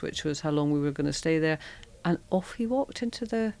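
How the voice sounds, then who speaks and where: A woman's voice: deep voice, fairly even intonation, normal speed, hardly any pauses, clean tone. A middle-aged woman with a Scottish accent, a podcast guest telling frank, self-deprecating anecdotes in a chatty way. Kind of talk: candid conversational storytelling.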